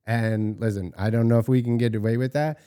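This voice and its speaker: A man's voice: medium pitch, fairly even intonation, fairly quick, mellow, clear, resonant tone. A man co-hosting a casual podcast, cursing bluntly as he rants about a reality show. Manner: profane, blunt, laughing rants. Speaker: podcast co-host. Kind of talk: casual reality-TV recap chat.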